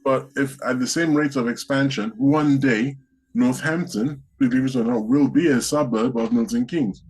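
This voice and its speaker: A man from the UK co-hosting a casual podcast, rambling in asides with dry, dark jokes. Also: medium pitch, moderate pace, slightly rough, poor audio. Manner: dry, rambling, darkly joking. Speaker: co-host.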